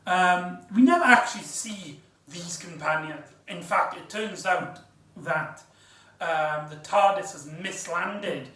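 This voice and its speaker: A man's voice: on the high side, bright, forceful tone. A man casually reviewing an audio drama, rambling with lots of ums and restarts. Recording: echoey room, far from mic.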